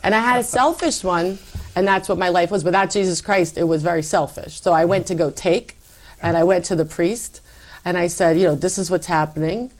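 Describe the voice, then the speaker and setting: Animated low-voiced woman telling her story. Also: brisk. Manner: animated storyteller, acts out quoted lines. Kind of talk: personal testimony in conversation.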